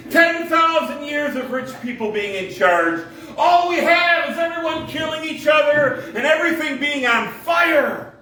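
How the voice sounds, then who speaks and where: A man's voice: very high-pitched, bright, forceful tone. A male comedian doing a stand-up set at a coffee shop open mic, with sarcastic, mock-conspiratorial rants. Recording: echoey room, mic at a distance.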